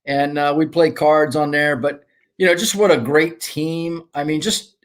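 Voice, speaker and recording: A middle-aged man, a former ballplayer and guest, telling rambling, animated anecdotes in casual conversation. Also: fairly high pitch, measured pace. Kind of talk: casual storytelling.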